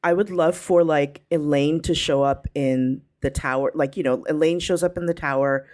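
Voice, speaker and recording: A woman's voice: low voice, fairly even intonation, normal speed, a little mellow. A woman co-hosting a podcast in casual chat, who laughs a lot and restarts her sentences. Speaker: podcast co-host.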